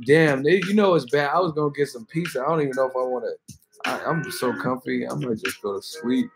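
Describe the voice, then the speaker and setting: A man's voice: medium pitch, fairly quick, creaky, low-quality recording. Man, livestream host, profane jokey rambling, music playing behind. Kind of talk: late-night livestream chat.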